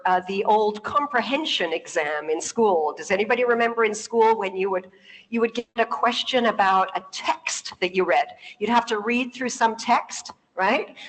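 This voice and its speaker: A woman on stage gives a lively talk, moving between stories and questions to the audience and often laughing along the way. Her voice sits a little high. A long reverb trails behind each phrase, as in a large hall. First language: English. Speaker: public speaker. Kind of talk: public talk with anecdotes.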